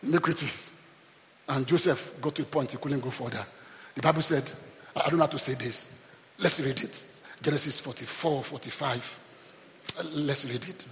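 A man preaching a sermon in a church, animated, rising to shouts and acting out the characters of the story he retells. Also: mid-range voice, moderate pace. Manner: animated, shouting peaks, acts out Bible characters. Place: church hall. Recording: long hall reverb.

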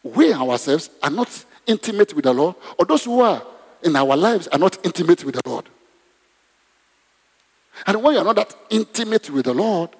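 Lively husky preacher in a hall. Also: male voice, sits high. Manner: conversational, asks the congregation questions. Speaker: pastor. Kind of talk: sermon. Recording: long hall reverb.

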